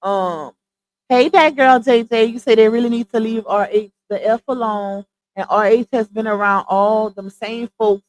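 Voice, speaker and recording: A slightly high-voiced woman runs a casual gossip livestream from home. She talks straight to her chat in a loose, chatty way, calling her viewers "y'all" and "child". She speaks into a headset mic on her earphones. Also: normal speed, a little mellow, rough recording. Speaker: livestream host.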